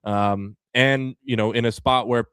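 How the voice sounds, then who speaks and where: Man, smooth clear voice, mid pitch, casual podcast host, energetic, many fillers. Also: a little slow, no room sound. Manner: animated, lays out ideas with many fillers. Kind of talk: casual sports chat.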